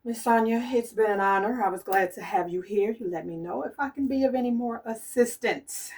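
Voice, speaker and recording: Speaking softly and fairly quickly, a woman acting as a medium gives a channeled tarot reading, insistently repeating her urgings to her audience. Her pitch is fairly high, and the mic is distant.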